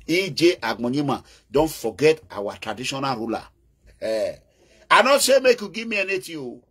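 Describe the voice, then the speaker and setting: A Nigerian political commentator with an Edo accent delivers an emphatic, casual political monologue at normal speed. His medium-pitched voice is very animated, fairly bright, and breathy at the edges. He mixes in Pidgin and bursts into chants and calls.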